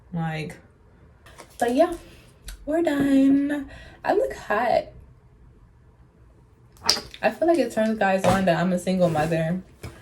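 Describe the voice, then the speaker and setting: A young woman chats to the camera in a casual get-ready-with-me vlog, her voice on the low side with a warm, mellow tone. She is blunt and sassy, swears freely, and keeps calling viewers honey. A faint hum sits behind her. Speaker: vlogger.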